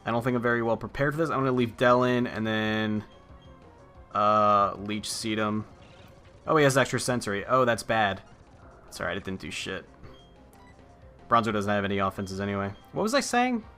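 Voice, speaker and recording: A man's voice: fairly low pitch, fairly even intonation, moderate pace, pauses often, pushed and bright, soft background music. A young man giving casual, rambling commentary while playing a video game, swearing offhandedly. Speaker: let's play gamer.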